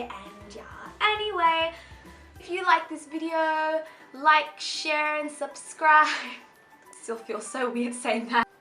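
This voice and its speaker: A bright, high-pitched young woman in her twenties chats her way through a clothing haul, bubbly and rambling. Her voice is picked up by a camera mic in a roomy, echoing space, with faint music playing underneath. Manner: bubbly, chatty, rambling with many asides. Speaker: fashion vlogger. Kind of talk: casual shopping haul chat.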